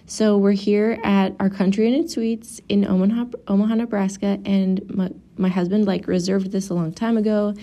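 A woman's voice: medium pitch, flat delivery, normal speed, few pauses, mellow. A young woman and mother telling a travel story to her viewers in a casual, chatty way, with lots of "like" and acted-out quotes.

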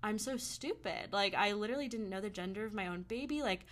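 A woman's voice: mid-range voice, quick pace. A young woman, a podcast guest, telling a personal story in a chatty way, full of "like" and acted-out quotes. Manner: chatty, heavy use of "like", quotes others in lively voices. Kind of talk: casual storytelling.

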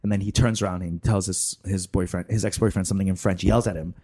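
A man hosting a podcast, telling a frank personal story in a lively, animated way. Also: low voice, fast talker, slightly rough. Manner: animated, frank storyteller who acts out quotes. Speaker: podcast host. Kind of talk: casual storytelling chat.

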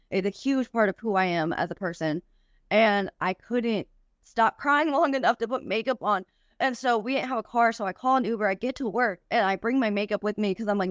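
A woman's voice: medium pitch, dry recording, studio quality. A young woman, a podcast guest, tells a personal story candidly, with frequent swearing and many "like" fillers.

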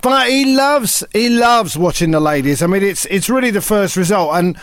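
Give me a middle-aged comedian, a man with a fairly high voice, spinning a chatty story that builds to a punchline, recorded dry and close. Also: animated, moderate pace, no room sound. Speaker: guest comedian. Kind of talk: casual chat.

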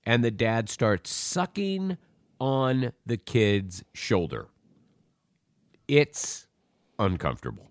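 A man co-hosting a movie podcast, chatting casually with animated, profane ranting asides. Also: medium pitch, slow pace, long pauses, no room sound. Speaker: podcast co-host.

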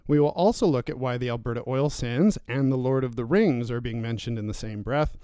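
A man hosting a political podcast from a newsroom studio, introducing guests with lively, jokey asides. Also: mid-range voice, fairly quick, smooth, dry recording. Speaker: podcast host.

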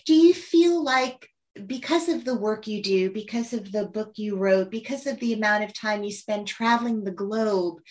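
A woman interviewing an author, eager and enthusiastic, asking long winding questions. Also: mid-range voice. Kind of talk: conversational interview.

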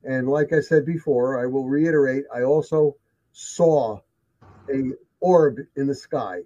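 In an unhurried, mellow mid-range voice, this man shares his encounter stories as a guest, chatting casually. He stresses points and repeats them for effect, and the audio is dull lo-fi.

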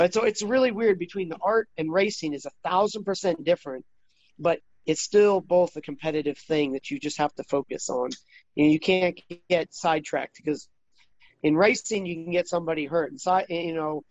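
A man in his thirties talking casually as an interview guest, rambling with many restarts and getting animated when he quotes others. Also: fairly high pitch, no room sound, dull audio.

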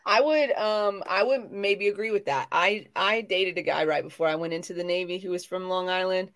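A woman from the American South talks in a loose, chatty way, drifting from one thought to the next and restarting mid-sentence. Her voice sits a touch low for a woman. The feel is a relaxed co-host chatting on a live stream. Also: moderate pace. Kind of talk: casual chat.

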